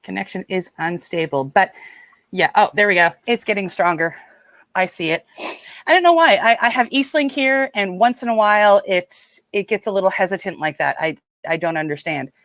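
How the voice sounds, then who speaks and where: A woman's voice: mid-range voice, moderate pace, a bit bright. A woman hosts a live stream in a loose, rambling way and greets her viewers one by one. Her voice sits in a middle range. The sound is close and dry, with no room echo. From Nova Scotia, Canada. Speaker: livestream host. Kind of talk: casual live-stream chat.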